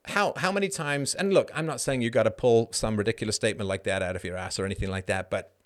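A middle-aged man hosting a live show, answering chat questions in an animated monologue that keeps tossing in a rhetorical "right?". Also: lowish voice, quick pace. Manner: animated, frequent rhetorical "right?", laughs mid-sentence. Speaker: host.

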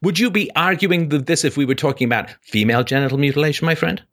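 A male call-in show host debating a caller, lecturing forcefully, cutting in and jumping up in pitch to stress his points. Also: fast talker.

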